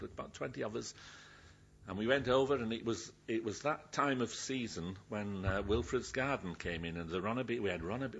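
Older man, minister, chatty sermon, husky, dull lo-fi recording. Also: fairly low pitch. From Yorkshire, England. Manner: chatty, rambling, self-interrupting, laughing at his own stories. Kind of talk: anecdotal sermon.

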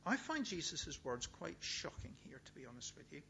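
A middle-aged man preaching a sermon, emphatic, repeating key words with pauses for weight. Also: fairly high pitch, big pitch swings, vocal fry, pushed and bright. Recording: dull, lo-fi sound with faint hum.

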